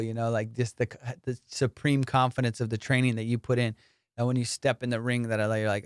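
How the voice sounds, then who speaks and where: A man hosting his comedy podcast in casual chat, telling profane, animated stories and laughing often. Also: mid-range voice, quick pace, clean tone, no room sound, studio quality.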